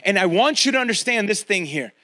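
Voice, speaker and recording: Animated high-voiced male pastor preaching. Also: quick pace. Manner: conversational preaching, addresses congregation directly; animated, acts out quoted voices. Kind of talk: sermon.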